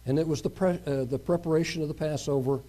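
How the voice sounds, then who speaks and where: A man preaching a sermon, reading scripture verse by verse and pausing to comment on it. His voice sits a little high but sounds soft and mellow. He keeps a plain, unhurried reading manner throughout. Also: fairly even intonation. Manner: reads a passage aloud and breaks off to comment on it.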